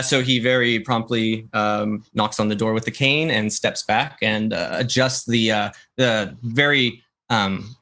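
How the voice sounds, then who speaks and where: A male player in a tabletop role-playing game, describing what his character does. He speaks in a relaxed way at a middle pitch, with some fillers.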